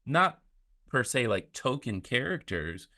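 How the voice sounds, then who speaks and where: A man's voice: medium pitch, sing-song, measured pace, sharp tone. A man chatting casually as a podcast guest, rambling with many "like" fillers. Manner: rambling, filler-heavy talk with lots of "like".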